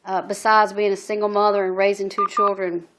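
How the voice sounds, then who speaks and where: A middle-aged woman telling her story as a single mother in a personal video message, halting and earnest, with many ums and restarts. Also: medium pitch, little pitch movement, fairly bright tone. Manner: earnest and emotional. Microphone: phone.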